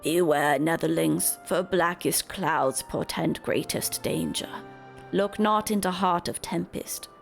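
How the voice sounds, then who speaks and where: A woman's voice: sits low, takes it slowly, gravelly, soft background music, exaggerated voice. A woman voicing a solemn birdlike tribal elder with broken, formal country-bumpkin speech.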